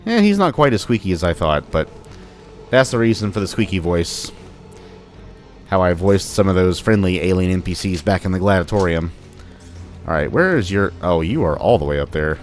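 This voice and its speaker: A man's voice: deep voice, animated, moderate pace, soft background music. A young man giving casual, joking commentary while playing a video game, chatting to the enemies on screen. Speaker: gameplay commentator. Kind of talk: casual let's-play commentary.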